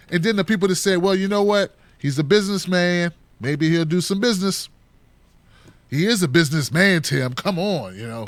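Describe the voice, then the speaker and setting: A man's voice: high-pitched, fairly bright tone, no room sound. A middle-aged man hosting a casual solo commentary, joking loosely and acting out other people's voices. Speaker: political commentary host.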